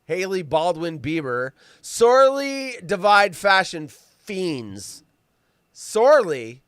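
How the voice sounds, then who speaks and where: A man hosting a live show, mocking news stories with loud outbursts and a teasing manner. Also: sits high, extremely slow, clean tone, no echo, clean studio sound. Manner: mocking, animated, bursts into loud outcries. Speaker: host.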